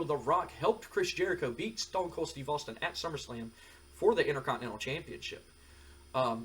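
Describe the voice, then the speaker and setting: A man's voice: a little high, fairly bright tone, breathy edge, poor audio. A man casually narrating a wrestling simulation game, rambling with fillers as he retells the action. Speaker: game commentator.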